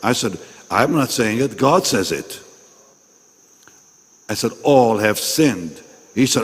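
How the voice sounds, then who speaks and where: Man preaching slow and emphatic, voice swings up and down, echoey big hall. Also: medium pitch, expressive, fairly bright tone, husky. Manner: emphatic, repeats phrases, questions the audience directly. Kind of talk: sermon at a pastors' meeting. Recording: long reverb in a large hall.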